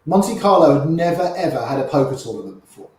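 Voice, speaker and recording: Older man telling lively stories, echoey room. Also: a little high, quick pace, slight background noise. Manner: lively raconteur, acts out quoted voices. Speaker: interview guest, poker player. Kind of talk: anecdotal storytelling.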